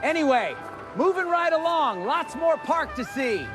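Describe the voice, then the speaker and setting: A man's voice: extremely high pitch, big pitch swings, unhurried, heavily acted. A man voicing an overexcited male water park tour guide with showman announcer patter. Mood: hyped. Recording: music bed behind voice.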